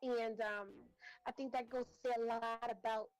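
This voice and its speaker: Woman roaster, heartfelt and rambling, slightly high voice, faint music. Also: little pitch movement, moderate pace, clean tone, low-quality recording. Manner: rambling, warm-hearted, many fillers. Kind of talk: heartfelt tribute speech.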